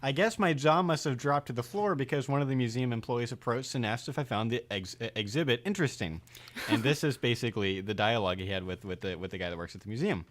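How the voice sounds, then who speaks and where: Man, podcast host, reads listener mail, animated, restarts words, mid pitch. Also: fast talker. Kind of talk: reading a listener letter aloud.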